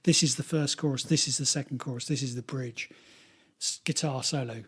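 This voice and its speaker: A man's voice: medium pitch, fairly even intonation, breathy edge. A man co-hosting a podcast in casual chat, teasing his co-host and laughing easily. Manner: chatty, teasing, quick to laugh.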